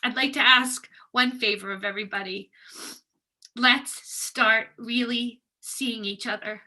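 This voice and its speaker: Teacher lady accepting an award, choked up, bright high-ish voice, soft little laughs. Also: steady tone, low-quality recording. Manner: heartfelt, pausing with soft laughs. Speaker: educator receiving an award. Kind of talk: emotional acceptance speech.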